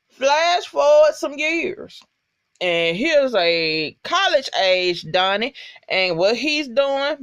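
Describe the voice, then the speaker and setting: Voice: medium pitch, gravelly, fairly bright tone, dry recording, highs cut off. A vlogger recapping a TV episode in casual, profane, emphatic storytelling and talking straight to viewers. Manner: talks straight to viewers as "y'all".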